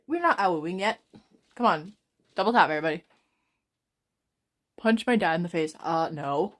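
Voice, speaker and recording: Twenties woman streamer, fast, rambling, profane, fairly low-pitched. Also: expressive, fairly bright tone. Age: 20s. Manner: rambling, swears a lot, talks fast. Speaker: livestreamer. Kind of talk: casual live stream chat.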